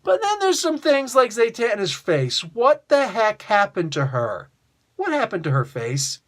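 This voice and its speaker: Animated man ranting in a review. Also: high-pitched, measured pace. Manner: animated, exasperated ranting with mock outbursts; heavy use of filler "like" and "you know". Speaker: comic book reviewer. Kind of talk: casual spoken review.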